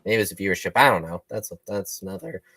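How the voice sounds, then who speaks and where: Male podcast co-host, lowish voice, dry sound, rambling chat. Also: lively intonation, rapid-fire, fairly bright tone, slightly rough, no room sound. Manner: chatty, rambling with fillers. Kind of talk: casual chat.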